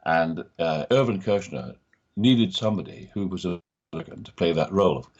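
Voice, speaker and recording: A man's voice: sits low, normal speed, a little mellow, slightly rough, dull audio. An older Scottish man, an actor guest in an interview, telling stories and acting out the voices of people he quotes. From Scotland. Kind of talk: anecdotal interview storytelling.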